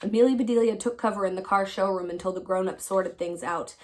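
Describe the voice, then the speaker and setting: A woman teacher reading a children's chapter book aloud with expressive storybook narration. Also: medium pitch, fast talker.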